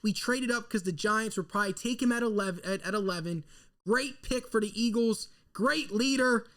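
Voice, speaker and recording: A man, hosting a live draft reaction stream and rambling nervously as an excitable fan into a desk mic. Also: sits high, moderate pace. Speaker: sports fan host.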